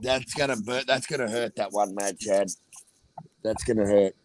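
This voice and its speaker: A man's voice: lowish voice, normal speed, a little hiss or hum. A man chatting casually about boxing in a laid-back, agreeable way, swearing casually. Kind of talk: casual profane banter.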